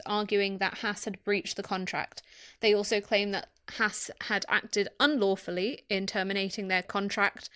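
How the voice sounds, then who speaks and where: A woman co-hosting a casual podcast, explaining in a steady way with dry asides. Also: mid-range voice, clear, resonant tone. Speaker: podcast co-host.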